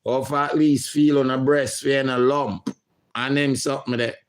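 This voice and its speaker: A middle-aged man hosting a livestream, reading viewer comments aloud in a slow, emotional way. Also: mid-range voice, fairly even intonation. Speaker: livestream host.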